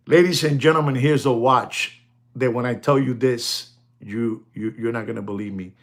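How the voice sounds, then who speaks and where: A man hosting a casual watch sales talk, rambling and repetitive, often addressing "ladies and gentlemen" and laughing as he goes. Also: medium pitch, fairly even intonation, moderate pace.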